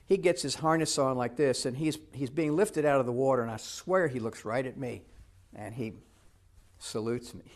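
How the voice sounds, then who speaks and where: A man's voice: medium pitch, moderate pace. An older man telling a personal story in a talk, acting out the dialogue as he goes. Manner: animated, acts out dialogue in the story. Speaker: speaker.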